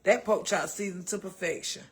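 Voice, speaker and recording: A woman's voice: fairly low pitch, steady tone, normal speed. A Southern American woman hosting a casual cooking livestream, chatting folksily with her viewers and calling them baby and child.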